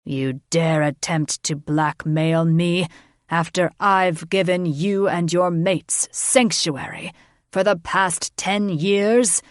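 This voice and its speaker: A blustering male dragon king, voiced by a woman speaks in a deep, slow, commanding voice with a growl behind every threat. His speech is deliberate and loud, close and dry. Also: no room sound. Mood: menacing.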